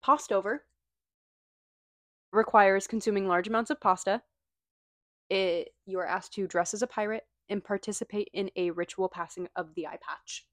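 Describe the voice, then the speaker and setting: A woman's voice: mid-range voice, steady tone, normal speed, a bit bright. A young woman from Missouri co-hosting a podcast, reading out her notes in a dry, matter-of-fact way. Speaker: podcast co-host. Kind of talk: casual chat.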